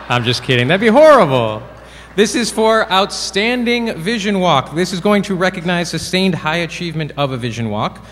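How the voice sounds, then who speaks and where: A man's voice: high voice, big pitch swings, moderate pace, a bit bright. A man presenting awards at a dinner, playful and wisecracking between announcements. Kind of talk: joking awards emcee. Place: large banquet hall. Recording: reverberant hall, crowd and noise behind.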